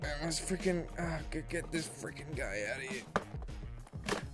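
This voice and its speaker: A man with an Australian accent, joking and getting excited as he unboxes and reviews a collectible figure. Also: fairly high pitch, unhurried, music in the background. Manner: goofy, jokey, excitable. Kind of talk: casual unboxing chat.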